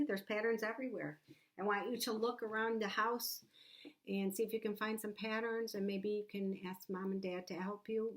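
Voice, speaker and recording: A woman teacher reading a picture book aloud to young children, animated and asking them questions. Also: mid-range voice. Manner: animated, asks the listener questions. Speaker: preschool teacher.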